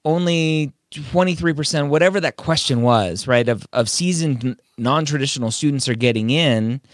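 A man's voice: mid-range voice, normal speed, dry recording, clean studio sound. Emphatic man firing rhetorical questions. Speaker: podcast host and admissions advisor. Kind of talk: casual advice talk.

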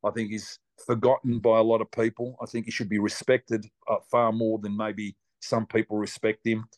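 Rambling and chatty, an Australian man who races cars tells stories as an interview guest, restarting often and swearing a little. He speaks in a lowish voice with little pitch movement and a moderate pace. The audio has no echo, and the setting is a relaxed storytelling interview.

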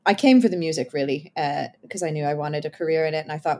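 A woman from Canada with a slight Irish tinge to her accent, a musician guest chatting in a bubbly, lively way. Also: deep voice, fast. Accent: Canadian, partly Irish. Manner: bubbly, laughs often, chatty. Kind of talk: casual interview.

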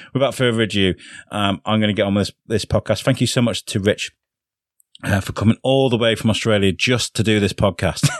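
A podcast host talks into a close mic in a dry, deadened room. His voice sits fairly low, and he rambles cheerfully with plenty of fillers, often poking fun at himself. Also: dry recording. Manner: chatty and self-deprecating, rambling with fillers. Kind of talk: solo podcast intro, casual chat.

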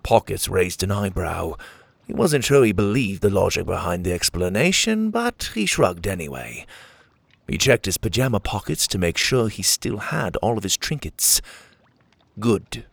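A man narrating a children's adventure story in an animated way, voicing each character. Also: sits low, normal speed, vocal fry, husky, dry recording.

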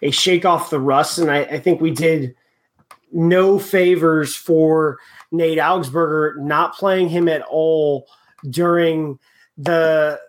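A man hosting a casual sports chat, talking in halting bursts with many restarts and fillers. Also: on the high side, steady tone.

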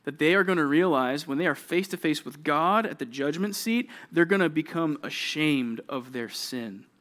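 A young adult man preaching a sermon to junior high students, animated, often acting out quoted kids and checking in with "right?" and "okay?". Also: moderate pace. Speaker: youth pastor.

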